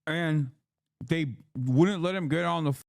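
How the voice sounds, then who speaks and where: A man's voice: on the high side, a little slow, gravelly, darkish tone, dry recording, clean studio sound. A man doing live-stream political commentary, heated and indignant, with many fillers and restarts. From United States.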